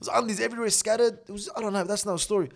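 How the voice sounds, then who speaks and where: A man, a guest telling a story in casual, profane, animated talk. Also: sits high, rapid-fire, vocal fry. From Australia.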